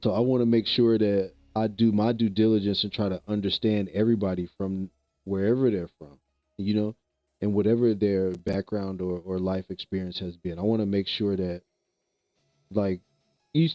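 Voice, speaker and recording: A man's voice: lowish voice, moderate pace, dry recording, lo-fi sound, faint music behind. A man from the American Midwest chatting casually with viewers on a livestream, laid-back and rambling, often repeating himself. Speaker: streamer.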